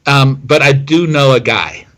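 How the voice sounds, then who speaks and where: A man's voice: mid-range voice, a little slow, fairly bright tone, low-quality recording. A middle-aged man, a distiller telling a long story in an interview, rambling with many fillers and restarts. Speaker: whiskey distiller guest.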